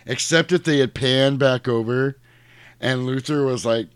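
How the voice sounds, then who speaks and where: A man talks through film scenes in a loose, profane, animated way. He is close to the mic, with a dry sound and no room around it. His pitch sits in the middle for a man. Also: unhurried, clear, resonant tone, dry recording. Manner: crude, animated retelling with shrill mock voices. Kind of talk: casual movie chat.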